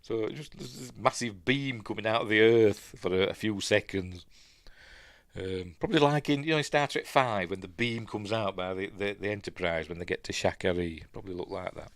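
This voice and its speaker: A low-voiced man with a Yorkshire accent talks through a film recap in a loose, rambling way, full of fillers, asides and self-deprecating grumbles. The recording is close and dry, with no room sound around him. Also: normal speed, no echo. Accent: Yorkshire English. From Yorkshire, England. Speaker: podcast host reviewing films. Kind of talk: casual movie recap and commentary.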